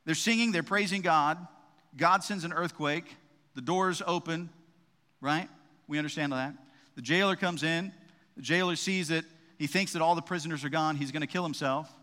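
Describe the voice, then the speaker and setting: A man's voice: on the high side, moderate pace, sharp tone. Preaching man in an echoing hall. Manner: conversational preaching, frequent "right?" asides and restarts. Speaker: pastor. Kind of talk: sermon. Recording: long reverb of a large hall.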